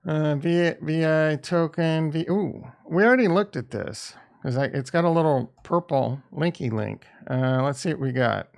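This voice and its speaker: A man's voice: on the high side, moderate pace, vocal fry, hardly any pauses. Blunt, profane man hosting a crypto livestream. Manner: blunt, profane, jokey, swings loud and soft. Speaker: crypto stream host. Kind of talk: casual livestream chat reading viewer comments.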